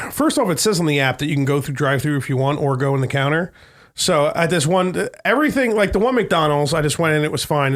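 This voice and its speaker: A man on a casual podcast, telling a long, profane, rambling story and mimicking other people in a higher voice. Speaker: podcast co-host. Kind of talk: casual chat.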